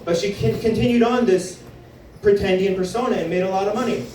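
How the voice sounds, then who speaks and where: This young comedian from Canada speaks briskly in a voice that sits high, with a little hiss or hum on the recording. His club set, captured from a distance in a roomy room, is animated storytelling full of acted-out quotes.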